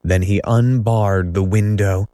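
Slow, low-voiced male storyteller. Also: fairly even intonation, mellow, dry recording, clean studio sound. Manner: measured storytelling. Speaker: audiobook narrator. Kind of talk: scripted narration.

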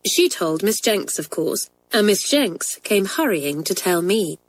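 A woman voicing a kind but firm schoolmistress addressing her class, in a measured teacher's tone in a storybook reading. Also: mid-range voice, lively intonation, low-quality recording. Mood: explaining. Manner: measured, warm-humoured teacher's tone.

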